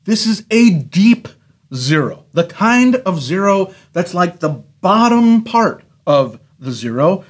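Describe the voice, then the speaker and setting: A man hosting a casual cereal review vlog, talking in an animated way, laughing often and playing up his disgust. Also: sits high, slow pace, slightly rough.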